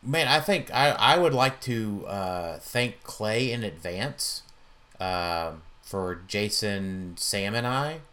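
A man co-hosts a relaxed chat about a tabletop miniatures game. His voice is on the low side, and he speaks haltingly, restarting often and filling gaps with ums. He comes across as agreeable and easygoing. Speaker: podcast co-host.

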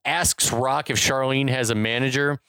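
A man's voice: medium pitch, fairly even intonation, moderate pace, pushed and bright, smooth, no room sound. A man co-hosting a podcast, recapping a movie in casual chat and rambling with lots of "like.". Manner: rambling recap with many "like" fillers. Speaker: podcast co-host.

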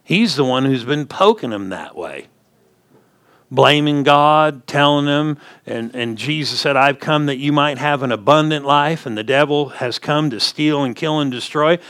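A man's voice: on the high side, lively intonation, measured pace, fairly bright tone, smooth. Folksy man preaching a sermon. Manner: folksy storytelling preacher, rising emphatic punches. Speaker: pastor.

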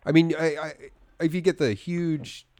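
A man's voice: fairly high pitch, moderate pace, a little mellow, no echo, studio quality. A man co-hosting a casual podcast, enthusiastic and laughing often as he chats with a guest. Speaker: podcast co-host.

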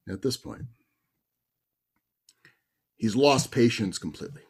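Animated husky-voiced rabbi telling stories. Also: male voice, medium pitch, normal speed, long pauses. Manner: animated, conversational storyteller. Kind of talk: sermon storytelling.

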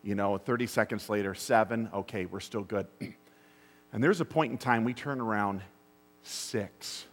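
Pastor preaching in a reverberant hall. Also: male voice, on the low side, moderate pace. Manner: storytelling, swings from hushed asides to raised urgent bursts. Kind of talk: sermon.

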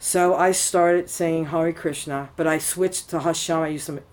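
A woman's voice: deep voice, fairly even intonation, normal speed, darkish tone. A woman telling a personal story in casual conversation, rambling and frank, swearing freely, at a temple. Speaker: interviewee.

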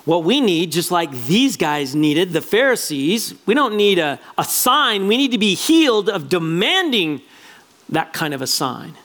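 A man preaching a sermon as pastor, animated and acting out little quoted voices as he talks. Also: high-pitched, unhurried.

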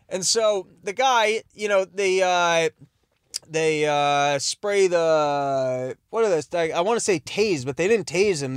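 A man talks in a loose, sarcastic monologue, drifting between tangents and cutting himself off mid-thought. His voice sits fairly high for a man. The sound is dry and close, with no room in it. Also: dry recording. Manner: rambling, sarcastic, self-interrupting. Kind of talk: rambling comedic monologue.

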